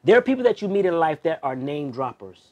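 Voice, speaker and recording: A young adult man as an interview guest, speaking heartfelt and expressive, moving between loud emphasis and soft, near-tearful moments. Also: on the high side, fairly quick, muffled recording. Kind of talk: emotional personal interview.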